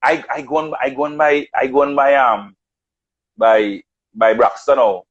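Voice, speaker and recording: A man's voice: mid-range voice, moderate pace, breathy edge, dull audio. A man telling stories of his music career in casual chat, acting out what others said. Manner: animated storyteller, acts out quotes. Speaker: radio announcer and artist.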